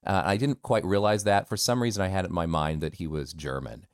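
A man's voice: low-pitched, fast talker, no echo, clean studio sound. A man from the United States, a voice actor talking candidly and self-deprecatingly as a guest in a casual interview.

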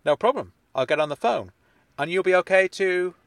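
A man voicing a courteous, measured man in a spoken-word story, a little formal. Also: high voice, expressive, fairly bright tone, no room sound, voice pushed up. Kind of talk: audiobook character dialogue.

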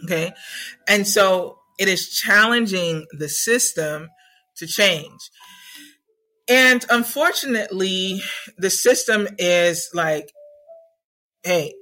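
Animated woman spiritual coach, bright tone. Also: medium pitch, slow pace, soft background music, low-quality recording. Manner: animated, repetitive, conversational, asks "right?". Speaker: spiritual coach and podcast host. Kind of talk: casual spiritual teaching talk.

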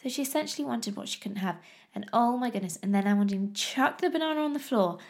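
A woman, chatting casually to camera about her toddler, animated, laughing often and losing her thread mid-sentence. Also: fairly high pitch, fast talker, creaky.

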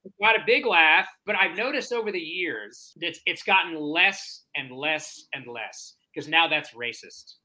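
A man's voice: a little high, a little slow, hardly any pauses, rough recording. An American man, a stand-up comedian, telling stories in casual podcast chat and acting out the people he quotes. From United States. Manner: animated storyteller, acts out quoted voices.

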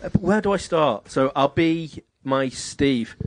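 A man's voice: on the high side, lively intonation, a little slow. A man hosting a podcast in casual chat, joking and laughing often. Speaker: podcast host.

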